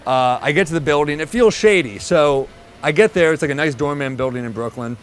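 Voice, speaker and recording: Self-mocking New comedian, slightly high. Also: male voice, fairly quick, slight background noise. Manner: self-deprecating, animated storytelling. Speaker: stand-up comedian. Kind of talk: stand-up storytelling.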